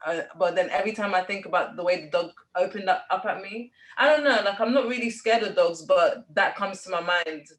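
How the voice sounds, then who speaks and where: A woman's voice: medium pitch, fairly quick, few pauses, rough recording. A woman in casual conversation, telling a long personal story with many fillers. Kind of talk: casual chat.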